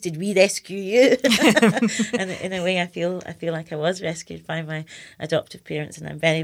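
Reflective woman reading her poetry. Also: deep voice. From Scotland. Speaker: writer and poet. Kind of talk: radio interview with poetry reading.

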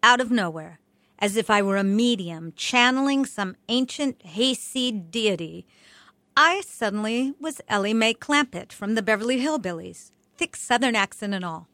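A woman reading her childhood memoir aloud in an expressive, wry storytelling manner. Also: a little high, moderate pace, no room sound. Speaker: memoir narrator.

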